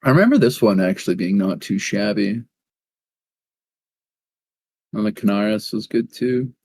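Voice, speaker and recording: A man's voice: fairly low pitch, a little fast, a little mellow, husky. A young man co-hosting a gaming podcast, chatting casually and rambling through jokes with frequent swearing. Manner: rambling, joking, swears often. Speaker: podcast co-host. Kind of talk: casual chat.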